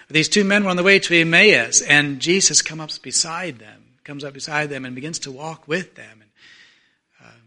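High-voiced preacher telling a story. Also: male voice. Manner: storytelling, acting out voices, swings from loud to very soft. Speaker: pastor. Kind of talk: sermon.

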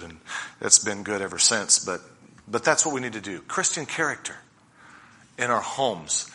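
A middle-aged man preaching a sermon with personal stories, earnest and slowing down to stress key points. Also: lowish voice, bright, forceful tone.

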